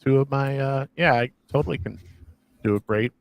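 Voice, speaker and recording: A man's voice: mid-range voice, normal speed, vocal fry. A man co-hosting a live comic reading stream, rambling casually and making self-deprecating jokes. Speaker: co-host.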